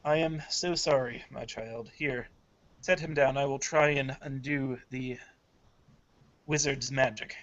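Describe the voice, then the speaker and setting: A man's voice: mid-range voice, fairly even intonation, measured pace, a bit bright. A man voicing a stern, commanding female priestess leader, with dull lo-fi audio. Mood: firm. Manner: firm, authoritative pleading.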